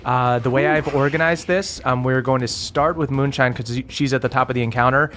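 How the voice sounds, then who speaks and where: A man guiding players through a tabletop adventure as game master. His narration is relaxed and full of fillers. His pitch sits in a middle range. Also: fairly quick.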